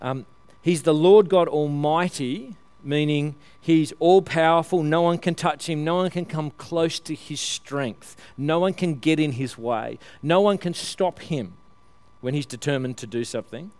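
A man's voice: fairly high pitch, a little slow, darkish tone, clean tone. A man preaching a conversational sermon, often restarting his phrases and laughing lightly as he explains.

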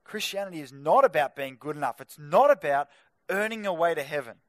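A man preaching an energetic youth group sermon, with punchy joking asides to teenagers. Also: fairly high pitch, a little fast, no room sound, studio quality. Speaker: youth pastor.

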